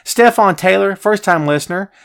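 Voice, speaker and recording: A middle-aged man hosting a live stream from his home office, chatty and animated as he answers viewer comments. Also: sits high, normal speed, gravelly, smooth. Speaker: podcast host. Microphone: headphones, phone nearby.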